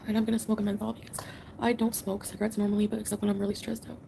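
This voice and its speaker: A woman's voice: mid-range voice, flat delivery, very fast, vocal fry, warm tone, slight background noise. A woman on a livestream, tearful and apologetic, greeting viewers by name. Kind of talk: emotional late-night livestream.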